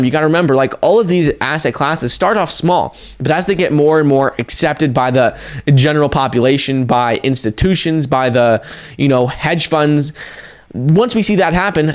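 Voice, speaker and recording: A man hosting a crypto news vlog, talking in an energetic, casual way with fillers and restarts. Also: on the high side. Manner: energetic, talks in quick runs with fillers and restarts. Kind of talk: casual news commentary to camera.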